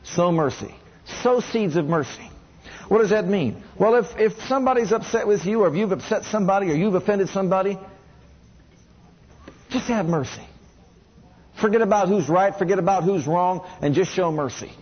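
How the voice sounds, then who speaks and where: Male preacher, high and breathy-husky, questioning call-and-response sermon, muffled lo-fi recording. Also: moderate pace. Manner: asks the congregation questions and has them repeat lines.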